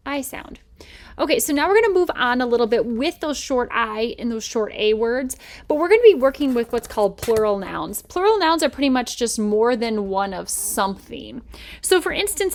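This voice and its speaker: A woman's voice: fairly high pitch, expressive, moderate pace. A woman teacher giving a recorded reading lesson, patiently stretching out letter sounds and checking in with "okay?" and "right?".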